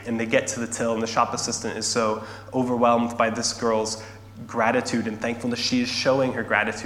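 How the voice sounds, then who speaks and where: An earnest man preaching from the front of a church, his voice sitting in a middling register. He slows and softens to land each point. The sound carries a long reverb from a large hall with a faint hum underneath. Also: medium pitch, flat delivery. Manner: earnest, slowing and softening for emphasis. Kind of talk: sermon with scripture reading and storytelling.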